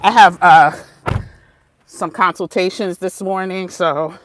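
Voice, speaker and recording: An unhurried woman talks straight to her viewers in a relaxed vlog. She drifts off topic, catches herself and laughs often. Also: on the low side, faint music behind. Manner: chatty, digressive, laughs often. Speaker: vlogger. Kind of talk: casual vlog talk. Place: outdoors, moving between places.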